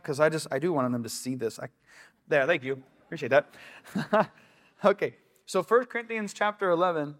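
Casual, slightly high-voiced male pastor. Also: a bit bright. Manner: casual, conversational preaching with quoted asides. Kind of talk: sermon. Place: church sanctuary.

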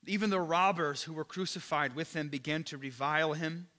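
Casual guy preacher, high bright voice, talks to the crowd like friends, big hall echo. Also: brisk. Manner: casual, conversational, addresses listeners as "you guys". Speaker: pastor. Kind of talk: sermon.

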